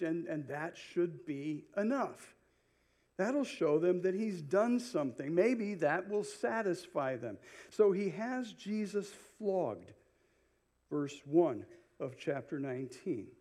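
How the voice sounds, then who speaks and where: Working slowly through the text, a male pastor gives an expository sermon and paraphrases the Bible characters he comes across. He speaks in a slightly high, darkish-toned voice.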